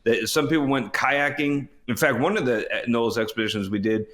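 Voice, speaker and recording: A man in his fifties co-hosts a podcast, speaking fairly quickly in a medium-pitched, slightly bright voice. He tells rambling anecdotes, correcting himself as he goes, and chuckles throughout the casual chat.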